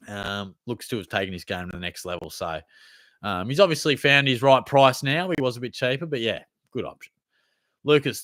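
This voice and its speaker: A young Australian man chats casually as he answers viewer questions one after another. His voice sits at an ordinary pitch and sounds close and dry, with no room around it. He talks in an easygoing, slangy way. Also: a bit bright, clean tone, no room sound. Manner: laid-back, chatty, slangy. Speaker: host. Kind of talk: casual live Q&A chat.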